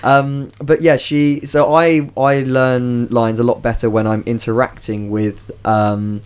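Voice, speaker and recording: A chatty young man co-hosting a podcast in a relaxed talk. His voice is smooth and clear, at a middle pitch. He tends to stumble and repeat words as he goes. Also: a little slow. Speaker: podcast co-host, stage actor. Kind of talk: casual chat.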